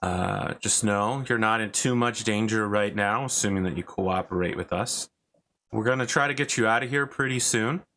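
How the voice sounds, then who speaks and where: A man's voice: on the low side, moderate pace, bright, forceful tone. A man voicing a courteous, businesslike masked woman who holds a captive for questioning, speaking in a matter-of-fact, reassuring way. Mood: polite. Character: polite masked woman interrogator, businesslike contractor.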